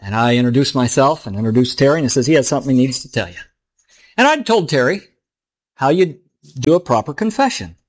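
A man's voice: mid-range voice, sing-song, fast talker. A middle-aged man, a pastor, telling a story in a sermon in an earnest, emotional way.

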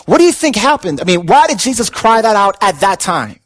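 A man's voice: sits high, big pitch swings, brisk, hardly any pauses, fairly bright tone, low-quality recording. A man preaching a sermon with passion, asking the listeners questions and repeating words for emphasis. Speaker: pastor.

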